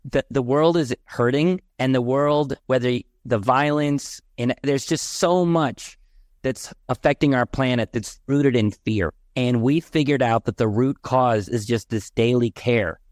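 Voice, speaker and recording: A man speaking as a guest on a podcast, earnest and emphatic as he lays out his ideas. His voice sits at an ordinary middle pitch, and the recording is close and dry, with no room around it. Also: unhurried, a little mellow, dry recording. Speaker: company founder and guest. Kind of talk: podcast interview.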